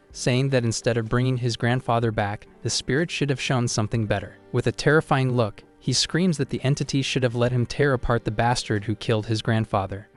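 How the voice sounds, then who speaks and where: A man narrating a comic story recap in a steady, even storytelling delivery. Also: mid-range voice. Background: faint background music.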